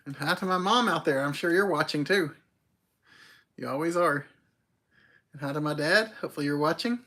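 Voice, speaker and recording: A man's voice: fairly high pitch, moderate pace, pushed and bright. A man co-hosting a casual livestream from home. He rambles in an easygoing way and chuckles often as he chats. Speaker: livestream co-host. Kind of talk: casual chat. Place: porch at home.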